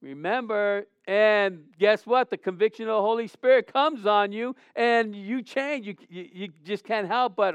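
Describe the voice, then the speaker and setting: High-voiced, smooth-toned preacher man. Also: normal speed, hardly any pauses, dry recording, highs cut off. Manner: relaxed storytelling with repeated phrases and rhetorical questions. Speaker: pastor. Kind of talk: conversational sermon.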